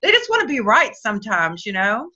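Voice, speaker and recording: A woman's voice: on the high side, a little fast. A woman telling an emotional personal story on a video call, close to tears and acting out the other voices. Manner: emotional, about to cry, animated retelling. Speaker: company leader speaking on a video call. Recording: dull lo-fi video call audio.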